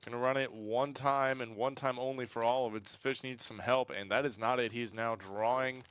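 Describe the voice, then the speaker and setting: A man calling live poker hands as play-by-play commentary, brisk and upbeat with a dramatic streak. A faint hiss of noise sits under his voice. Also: medium pitch, steady tone, fairly bright tone.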